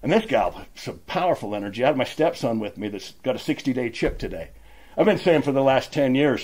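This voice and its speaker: A man's voice: mid-range voice, animated, brisk, darkish tone. An older man stands before a meeting and tells his recovery story in a folksy, plainspoken way. His talk is heartfelt and unpolished, full of everyday words. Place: meeting room.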